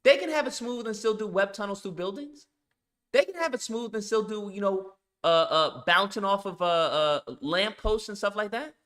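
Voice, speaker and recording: Emphatic, bright-voiced man ranting. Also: sits high, normal speed. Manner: emphatic, repetitive, swears often. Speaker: streamer and show host. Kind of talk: casual live-stream rant.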